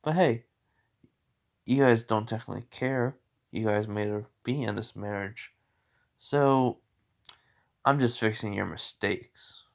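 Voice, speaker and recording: A man's voice: fairly low pitch, slow, gravelly, long pauses. A man voicing a cocky, defiant young man who speaks bluntly and mockingly. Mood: scolding.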